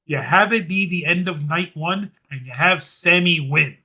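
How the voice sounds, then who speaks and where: Male podcast host, bright, slightly high voice, animated recap. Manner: animated, fast-running recap. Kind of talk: casual chat recapping wrestling.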